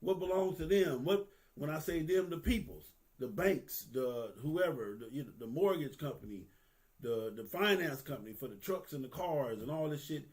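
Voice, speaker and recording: A fifty-something vlogger with a fairly high, darkish, animated voice speaks at a moderate pace. He's earnest and candid, cursing casually in street-style talk and repeating phrases to stress them.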